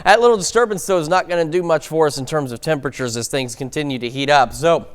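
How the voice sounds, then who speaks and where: A man's voice: on the high side, fast talker, clean tone. A man anchoring a local morning newscast and giving the weather forecast, chatty and upbeat, with the odd stumble.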